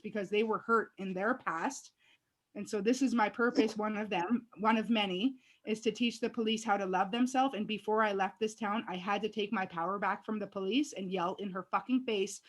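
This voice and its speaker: A woman telling a story in casual chat, excitable and profane, shouting the heated moments. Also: medium pitch.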